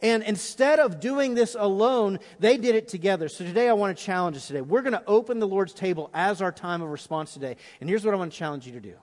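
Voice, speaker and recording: A middle-aged pastor delivers an impassioned sermon in a high, light male voice. He swings between urgent preaching and hushed prayer. Long reverb from a big church auditorium trails after his words. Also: quick pace, few pauses.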